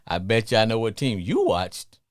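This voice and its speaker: Animated Southern man hosting sports radio. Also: on the low side, normal speed, no room sound, studio quality. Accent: Southern US, Louisiana. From Louisiana. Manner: animated, sing-song, laughs often. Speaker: radio talk show host. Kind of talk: call-in sports talk.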